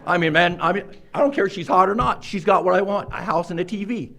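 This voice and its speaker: High-voiced man telling a funny recovery story. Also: fast talker, gravelly, sharp tone. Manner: wry storyteller, self-mocking, laughs often. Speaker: recovery meeting speaker. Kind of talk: humorous personal recovery story. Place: meeting room.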